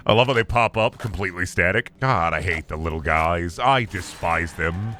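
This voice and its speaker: A man's voice: on the low side, expressive, brisk, few pauses, fairly bright tone. A young man from the United States, rambling and cursing in jokey asides while streaming a video game. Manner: rambling, profane, joking asides. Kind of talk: casual gaming commentary.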